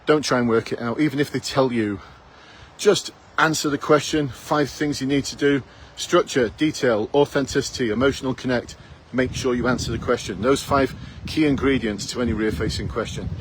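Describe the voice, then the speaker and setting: This police recruitment coach, a man in his fifties, talks to the camera at a moderate pace in a mid-range voice, handing out blunt, challenging advice packed with rhetorical questions. He's outdoors in a town, and the low-quality recording carries a little hiss or hum.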